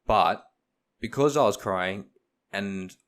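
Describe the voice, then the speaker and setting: A man's voice: lowish voice, takes it slowly, fairly bright tone, clean tone. A young man, co-hosting a casual podcast and retelling stories with acted-out quotes. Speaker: podcast co-host. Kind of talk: casual chat, storytelling.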